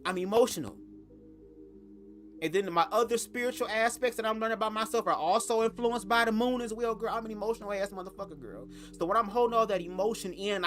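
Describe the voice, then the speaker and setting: A young man telling a personal story to camera in a casual, sassy, profane way. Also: fairly bright tone. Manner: profane, sassy, emphatic with big pitch swings. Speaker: storytime vlogger.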